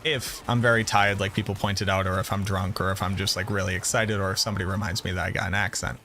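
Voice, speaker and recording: Brash Boston man streaming, low voice. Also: little pitch movement, fast, sharp tone, a little hiss or hum. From Boston area, USA. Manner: brash, swearing, joking. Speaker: game streamer. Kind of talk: casual livestream chat with viewers.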